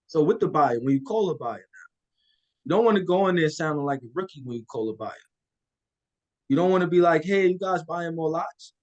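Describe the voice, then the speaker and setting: A man's voice: on the high side, lively intonation, brisk, long pauses, a little mellow, dull audio. A man coaching listeners on a live call in a casual, confident way, acting out phone calls. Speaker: guest land investor.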